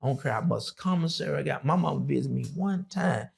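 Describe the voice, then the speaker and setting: A man's voice: on the high side, lively intonation, fast. A middle-aged man, an interview guest and former prisoner, telling his story in a loose, rambling way full of fillers. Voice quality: gravelly.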